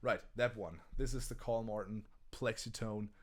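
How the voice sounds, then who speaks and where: A man's voice: fairly low pitch, steady tone, moderate pace. A man with a German accent co-hosting a casual live stream about guitar gear, talking with many restarts and stammers. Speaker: co-host.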